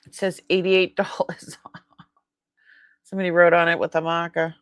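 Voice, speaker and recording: In a lowish, clean-toned voice with little pitch movement and a moderate pace, a woman hosts a live-sale stream, chatting, laughing often, and acting out dialogue as she tells stories. The recording is dry and studio quality.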